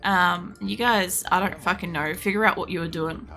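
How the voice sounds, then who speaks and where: A woman streaming a video game, chatting in a rambling way, swearing freely and yelling at the game. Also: on the low side, moderate pace, soft background music. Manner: yells excitedly at the game. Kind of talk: casual live-stream chatter while gaming. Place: home room with air conditioning.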